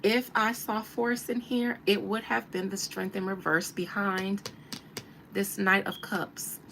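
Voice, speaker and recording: A woman's voice: mid-range voice, level tone, slow pace, gravelly, background noise. A woman doing a casual livestream tarot reading, chatty and emphatic, repeating her points for viewers. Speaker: tarot reader and gossip host.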